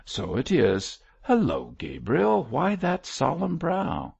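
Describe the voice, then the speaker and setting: A man voicing a lively, teasing young army captain in an audiobook, talking in a playful bantering way. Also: mid-range voice, slow, vocal fry, slightly rough, highs cut off, voice pushed up, heavily acted.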